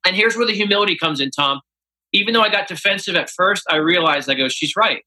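A man's voice: high voice, fast talker, sharp tone, rough recording. A man, an author and interview guest, telling stories animatedly and acting out quoted dialogue. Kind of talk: interview storytelling.

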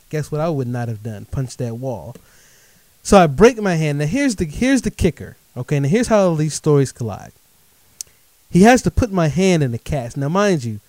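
Guy telling a wild story to the crowd, lively and chatty, dry close sound. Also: on the high side, dry recording. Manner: animated, addresses audience directly as folks. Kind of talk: storytelling monologue.

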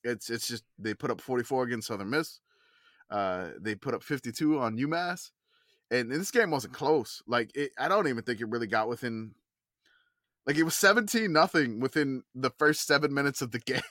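A man's voice: mid-range voice, animated, normal speed, a bit bright, no room sound, clean studio sound. A man co-hosting a casual college football podcast, rambling and correcting himself as he goes. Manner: rambling, self-correcting, laughs often. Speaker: podcast co-host. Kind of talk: casual sports chat.

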